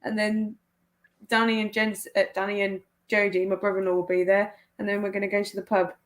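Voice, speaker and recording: Friend on call: relaxed woman, plain mid voice, casual and playful. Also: mid-range voice, fairly quick. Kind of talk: casual chat.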